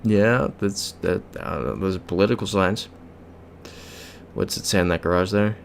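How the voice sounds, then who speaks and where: A young man with a low voice and an American accent chats casually on a live stream. He mutters guesses to himself and reads viewer messages aloud in an easy, rambling way. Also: normal speed, vocal fry, slight background noise. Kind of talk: casual live-stream chat while playing a geography game.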